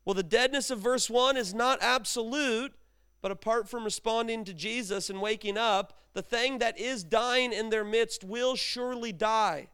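A man's voice: very high-pitched, normal speed, fairly bright tone, clean tone. A middle-aged man preaching a sermon in a conversational way, acting out bits of dialogue and pushing his voice up for emphasis. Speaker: pastor.

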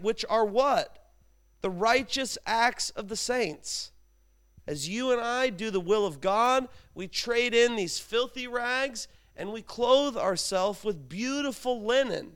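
A man preaching a sermon, with animated, humorous storytelling. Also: high voice, clear, resonant tone. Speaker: pastor.

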